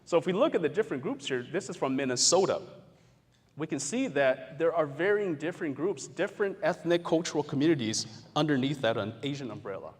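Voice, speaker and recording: A man giving a lively educational talk to an audience, with playful asides and acted-out quotes. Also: on the high side, brisk. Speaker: presenter. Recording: hall reverb.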